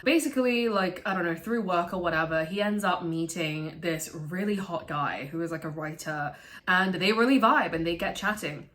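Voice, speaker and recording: A woman talking through a film in a casual, animated way, swearing freely and laughing as she goes. Her voice sits fairly low but sounds bright and forceful. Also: moderate pace. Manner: animated, profane, laughs often. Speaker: vlogger reviewing a film.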